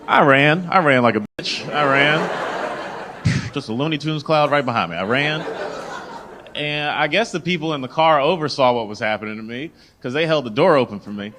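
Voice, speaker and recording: Animated Southern-raised man doing stand-up. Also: mid-range voice, background noise. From the American South. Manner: animated storytelling, acts out voices of people in his stories. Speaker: stand-up comedian. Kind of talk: stand-up comedy set. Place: comedy club stage with laughing audience.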